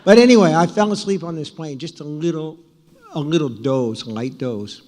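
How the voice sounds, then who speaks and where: A man's voice: fairly high pitch, moderate pace, a little mellow. A man in his sixties, an author, telling rambling, self-deprecating anecdotes to a live audience with wry humor and frequent restarts. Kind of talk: live storytelling talk. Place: large hall with audience. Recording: live hall reverb.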